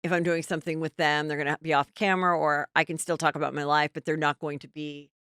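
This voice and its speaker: Chatty low-voiced woman podcast host. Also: fast, clean tone, no echo, studio quality. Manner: chatty, animated storytelling. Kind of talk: casual chat.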